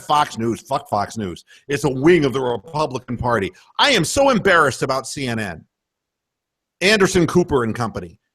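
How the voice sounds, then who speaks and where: A man's voice: high-pitched, fairly bright tone. A man hosting a radio show, delivering a heated, profane political rant, stumbling and repeating himself as he gets worked up. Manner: profane, indignant, emphatic; restarts and repeats when worked up.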